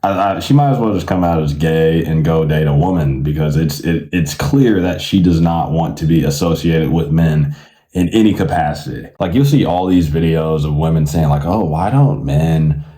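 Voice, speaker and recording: A man's voice: extremely low pitch, normal speed, dark tone, echoey room. A man giving blunt, exasperated reaction commentary, swearing casually.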